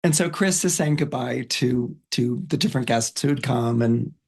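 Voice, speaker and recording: A man's voice: mid-range voice, normal speed, creaky, a little mellow, slightly rough. A middle-aged man guesting on a podcast, retelling a film scene in a casual storytelling way, full of "you know" and "like". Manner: chatty, many fillers like "you know" and "like". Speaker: astrologer guest.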